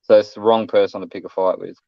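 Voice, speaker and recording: A man's voice: lowish voice, little pitch movement, quick pace, vocal fry, no echo. Australian guy, middle-aged, blunt yarn-spinner who swears a lot; muffled dry recording. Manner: blunt, swearing, acts out quotes loudly. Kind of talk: casual chat, storytelling. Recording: dull, dry lo-fi sound.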